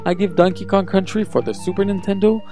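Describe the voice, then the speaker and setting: A man narrates a scripted countdown with a lively, swooping pitch and a mellow, warm tone. He sounds enthusiastic and nostalgic. Faint music plays under his voice. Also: quick pace. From Quebec, Canada. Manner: enthusiastic and nostalgic, talks fondly of childhood games. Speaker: video game reviewer.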